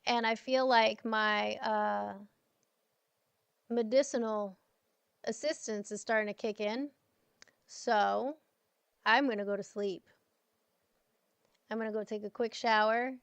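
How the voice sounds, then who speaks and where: A woman's voice: fairly high pitch, fairly even intonation, slow, vocal fry, pauses often, clean tone, no echo. A tired woman in her thirties chatting casually to friends on a livestream, affectionate and swearing freely.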